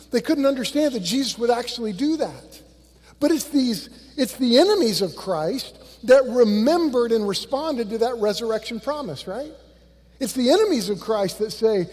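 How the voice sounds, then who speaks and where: A male pastor preaching a sermon, animated and conversational, swinging from loud bursts to hushed lines and acting out quotes in a church. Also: extremely high pitch, moderate pace, long reverb tail. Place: church sanctuary.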